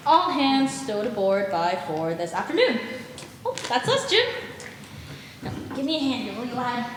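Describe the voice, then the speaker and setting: A young woman playing a sly, jovial one-legged pirate cook in a school stage play, with gruff seafaring bluster. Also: on the high side, sing-song, normal speed. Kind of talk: high school stage acting. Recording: echoey auditorium stage sound, noisy.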